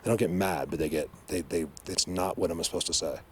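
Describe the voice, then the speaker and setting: A man whose voice sits low with a breathy edge talks fairly quickly to the camera outdoors in the woods. It's an excited hiking vlog, emotional and rambling, full of restarts.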